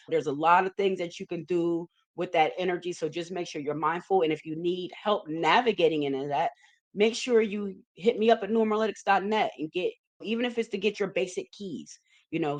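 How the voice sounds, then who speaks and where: Emphatic woman giving a numerology forecast. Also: lowish voice. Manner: emphatic and repetitive, checks in with "okay?". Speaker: numerology forecaster, show host. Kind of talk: video forecast talk with slides.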